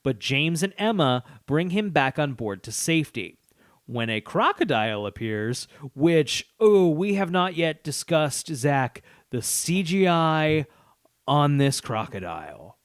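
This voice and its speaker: A man's voice: fairly high pitch, big pitch swings, measured pace, no room sound, clean studio sound. A man co-hosting a podcast in casual chat, laughing often as he reads a plot summary aloud and adds asides. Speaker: podcast co-host. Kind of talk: casual movie-recap chat.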